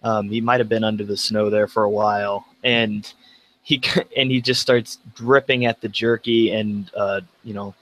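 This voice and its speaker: A man playing a tabletop game, describing his character's actions in a soft-spoken, hesitant way. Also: on the low side, level tone, normal speed, rough recording. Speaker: player. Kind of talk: casual tabletop play.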